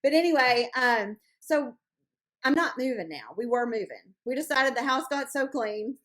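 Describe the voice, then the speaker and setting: A woman's voice: sits high, expressive, moderate pace, a bit bright. A woman hosting a support group meeting over a video call, chatty and playful as she rambles through updates. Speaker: group host. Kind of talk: casual chat.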